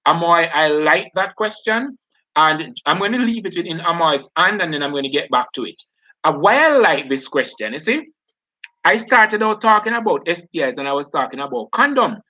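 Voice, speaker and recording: Chatty male teacher, bright lo-fi voice. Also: a little high. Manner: chatty, addresses students by name, laughs often. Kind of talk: live online class lecture. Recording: dull lo-fi sound.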